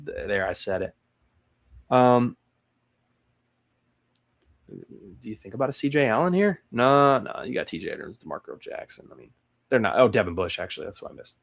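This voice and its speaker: A man's voice: mid-range voice, animated, moderate pace, vocal fry, pauses often. A young man hosting a solo mock draft breakdown, thinking aloud with hesitant restarts. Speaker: sports channel host.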